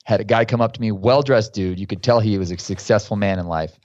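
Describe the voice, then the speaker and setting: A man, a guest author and coach, telling stories in a casual, lively way during a podcast interview. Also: on the low side, quick pace, no echo, muffled recording.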